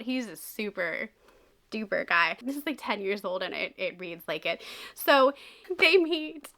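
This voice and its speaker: A young woman chatting casually about books she has read, animated and often laughing as she talks. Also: sits high, brisk. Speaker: book reviewer. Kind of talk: casual book review chat.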